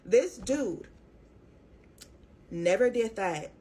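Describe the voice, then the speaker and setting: A young woman telling a personal story to her viewers in a casual, profane, animated way. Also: medium pitch, very slow, slightly rough. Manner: profane, animated, talks straight to her audience. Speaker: tarot reader.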